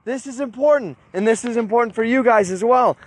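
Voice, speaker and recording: Man, high voice, casual storytelling outdoors, lots of restarts and repeats. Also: a little fast, no room sound. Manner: animated retelling with frequent restarts and repeated words.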